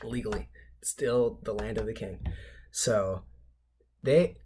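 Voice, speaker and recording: A man's voice: lowish voice, slow, mellow, breathy edge. A man hosting his own channel, talking in a casual, unscripted monologue that rambles and halts, with frequent restarts and small chuckles. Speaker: channel host.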